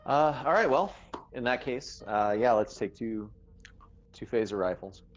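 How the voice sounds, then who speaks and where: A man's voice: mid-range voice, animated, a little slow. A man playing a tabletop game, thinking aloud hesitantly with many fillers. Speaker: player. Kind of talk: casual tabletop game talk. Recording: muffled lo-fi recording.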